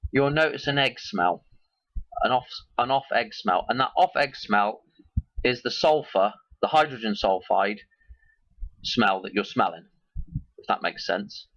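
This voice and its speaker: A man's voice: mid-range voice, measured pace, long pauses, a bit bright, dry recording, dull audio. A man hosting his own video, talking casually and in a rambling way as he links one idea to the next. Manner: musing, loosely connects ideas. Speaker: video host.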